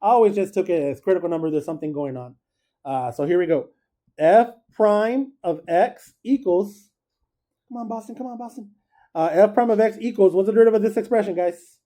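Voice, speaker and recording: A man's voice: sits high, a little fast, warm tone. A man teaching a calculus lesson, explaining rules in a chatty way and often asking the class if they follow. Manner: chatty, checks in with students. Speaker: math teacher. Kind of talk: recorded classroom lecture.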